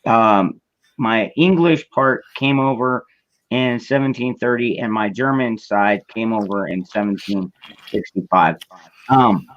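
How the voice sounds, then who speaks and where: A man in a casual chat, talking hesitantly and often repeating words. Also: mid-range voice. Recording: dull lo-fi sound.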